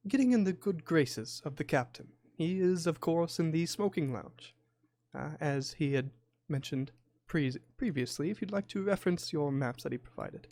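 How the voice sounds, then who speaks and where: A man's voice: a little high, lively intonation, normal speed, darkish tone. A man voicing a smirking, poised young female journalist in a tabletop game. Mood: poised, prim. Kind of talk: tabletop game role-play.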